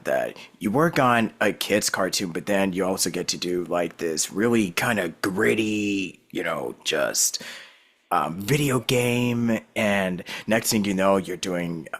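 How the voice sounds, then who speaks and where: Deep gravelly man hosting a podcast. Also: big pitch swings, measured pace, a bit bright. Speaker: podcast host. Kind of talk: casual interview chat.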